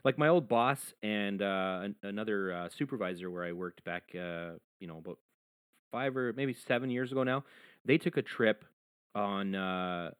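Low-voiced man, easygoing musician guest. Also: normal speed, clear, resonant tone, no echo. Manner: easygoing, chatty, frequent "you know". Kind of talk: casual chat.

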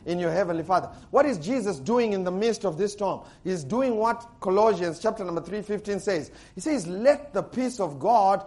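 Animated high-voiced male preacher. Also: brisk, hardly any pauses. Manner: animated, bursts loud and high on quotes, laughs often. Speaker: pastor. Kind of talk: sermon.

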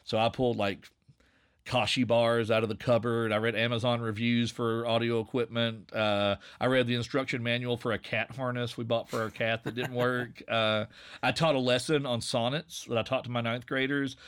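A man in his forties from Southwest Virginia with an Appalachian accent and a slightly nasal voice, chatting casually in a relaxed, rambling way. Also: mid-range voice, moderate pace, smooth. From Southwest Virginia, USA. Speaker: podcast creator and narrator. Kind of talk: casual conversation.

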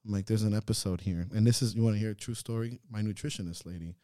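A man co-hosting a podcast, talking in an earnest, reflective way that swings into loud, laughing rants. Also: lowish voice, quick pace, dry recording, clean studio sound. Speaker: podcast co-host. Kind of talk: casual reflective chat.

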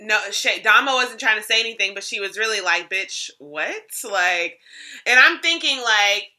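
A woman's voice: medium pitch, moderate pace, bright, forceful tone. A woman co-hosting a casual chat, telling a story with lots of laughs and swearing.

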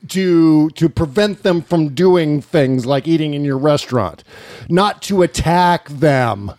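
A man's voice: fairly high pitch, darkish tone, dry recording, studio quality. A man hosting a political podcast, ranting with indignation and swearing freely. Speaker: podcast host. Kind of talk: political talk show banter.

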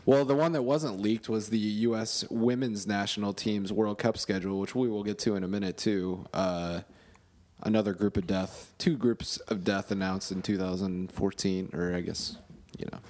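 A man's voice: on the low side, steady tone, normal speed, a little mellow. Laughing, rambling male podcast co-host. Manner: laughing storyteller, rambling with fillers. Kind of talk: casual chat.

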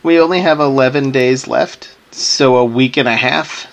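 A man's voice: mid-range voice, normal speed. A young man co-hosting a podcast, chatting casually and wryly. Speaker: podcast co-host. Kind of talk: casual chat.

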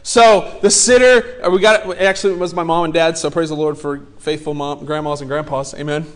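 Animated high-voiced male pastor. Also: fairly quick. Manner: animated, joking, acts out the people in his story. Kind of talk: sermon storytelling.

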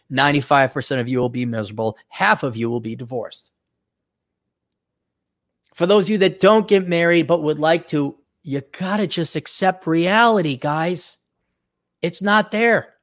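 A man's voice: on the high side, expressive, moderate pace, a bit bright. A middle-aged man hosting a podcast, delivering an opinionated, sardonic monologue with mocking asides. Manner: sardonic, mocking, with put-on voices. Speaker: podcast host.

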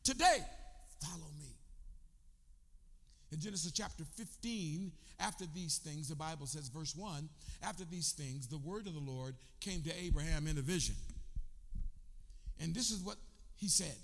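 A man preaching a sermon in a church, emphatic, rising into shouts and sung phrases, and calling on the congregation to answer. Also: fairly high pitch, lively intonation, moderate pace, long pauses. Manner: leads the congregation in call and response. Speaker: pastor. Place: church sanctuary. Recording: echoey hall.

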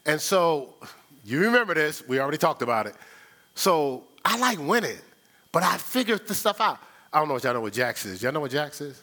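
A man's voice: a little high, brisk. An older man preaching a sermon as pastor, telling stories in a conversational way and talking straight to the congregation. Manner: animated storytelling, sound effects and laughter; conversational, addresses the congregation directly.

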